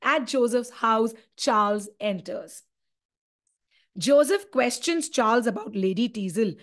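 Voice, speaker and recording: A woman teacher with an Indian English accent retelling a play in an animated exam-prep lecture, dropping in Hindi asides. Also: on the high side, measured pace. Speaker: literature teacher.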